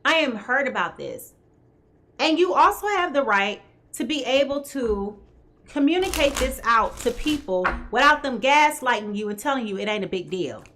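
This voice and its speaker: At a moderate pace, a tarot reader host with a high, animated, somewhat bright voice leads a live session. She speaks right to her audience, greets people by name, and keeps asking "okay?"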